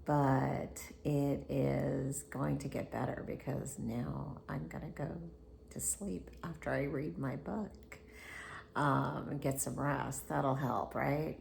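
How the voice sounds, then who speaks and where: Woman, deep voice full of vocal fry, soft bedtime reading, slips into whispers. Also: fairly even intonation, slow pace, slight background noise. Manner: soft-spoken, sometimes dropping to a whisper. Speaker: reader of a book aloud. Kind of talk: casual bedtime book reading.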